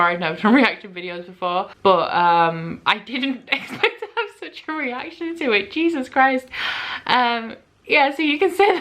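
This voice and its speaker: A woman book vlogger chatting casually into her microphone, gushing and excitable, swearing freely. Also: medium pitch. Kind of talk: casual vlog chat. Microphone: own microphone.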